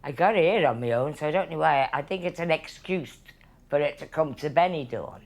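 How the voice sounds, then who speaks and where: A woman's voice: low voice, expressive, fairly quick, darkish tone. A woman, chatting cheerfully about her holidays. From Liverpool, England. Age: 80s. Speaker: retiree on holiday. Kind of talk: casual interview chat.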